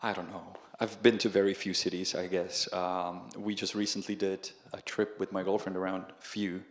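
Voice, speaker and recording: A young Czech man with a Czech accent appears as a guest, a video creator, in a casual interview full of stories. He laughs often and acts out the voices of people he quotes, his low voice at normal speed over slight background noise.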